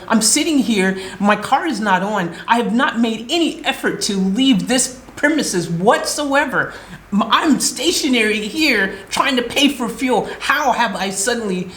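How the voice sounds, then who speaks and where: A woman's voice: on the high side, fairly bright tone, slight background noise. An American woman vlogging, telling an upsetting story in an agitated, emotional way and acting out her own replies. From United States. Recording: roomy echo.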